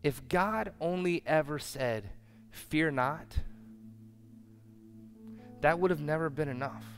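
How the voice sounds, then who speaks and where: A pastor delivering a sermon who swings from loud declarations to hushed lines and acts out listeners' reactions. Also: male voice, on the high side, slow pace, faint music behind.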